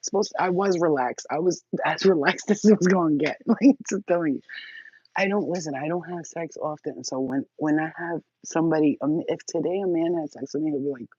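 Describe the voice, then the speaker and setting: A woman's voice: sits low, a little fast, a little mellow, husky, no room sound, muffled recording. A woman in her forties telling crude, frank stories to a phone camera, laughing often. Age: 40s. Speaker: channel host. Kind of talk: candid storytelling to camera.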